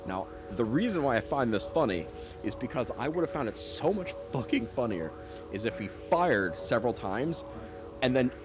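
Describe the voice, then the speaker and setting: A man's voice: medium pitch, big pitch swings, moderate pace. A man streaming a game, rambling through casual commentary and laughing stories. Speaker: gaming streamer. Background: game music.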